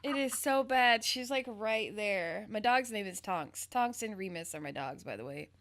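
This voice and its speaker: A woman's voice: mid-range voice, lively intonation, moderate pace, fairly bright tone. A woman from the American South hosting a casual interview, bubbly and giggly. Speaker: podcast host, interviewer.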